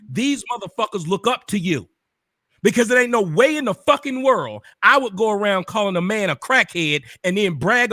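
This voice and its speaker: Furious profane man, high and lively. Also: no echo, studio quality. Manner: profane, confrontational, repetitive; bursts into shouting. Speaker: online commentator. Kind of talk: angry direct-address rant.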